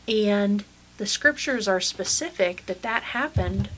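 A woman pastor speaks in an easy, reflective way, pausing and circling back with soft fillers. Her voice sits at an ordinary middle pitch. A faint hiss runs under the recording. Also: lively intonation. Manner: thoughtful, unhurried, many fillers. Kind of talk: casual faith discussion.

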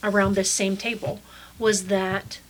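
A woman's voice: mid-range voice, flat delivery, a little hiss or hum, low-quality recording. Thoughtful woman pastor in conversation. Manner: thoughtful, unhurried, many fillers. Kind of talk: casual faith discussion.

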